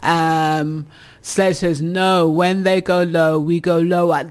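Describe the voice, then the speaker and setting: Lively woman hosting an advice show. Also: low voice, takes it slowly. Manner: lively, laughing, teasing listeners. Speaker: radio advice show host. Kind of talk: casual advice chat reading listener messages.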